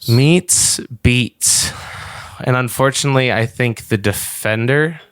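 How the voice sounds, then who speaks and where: A man's voice: mid-range voice, takes it slowly, a bit bright, clear, resonant tone, no room sound. A man narrating a tabletop role-playing session as game master, describing scenes and calling for rolls.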